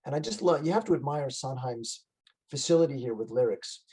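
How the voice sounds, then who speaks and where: A man's voice: medium pitch, lively intonation, fairly quick, dark tone, breathy edge, low-quality recording. A man giving a conversational lecture on a musical, with frequent fillers and restarts. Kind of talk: casual lecture. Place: online library talk.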